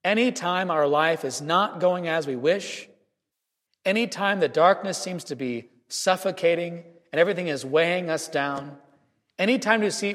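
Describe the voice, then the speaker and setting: A man giving a Christmas homily as a priest, telling a story earnestly with measured pauses in a church. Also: high-pitched, fairly bright tone. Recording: reverberant church hall.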